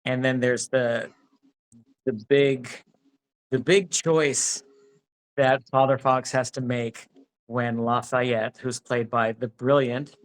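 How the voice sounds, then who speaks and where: A man's voice: mid-range voice, little pitch movement, slow pace. A man being interviewed about his acting work, talking casually and rambling with many restarts. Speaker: actor, interview guest.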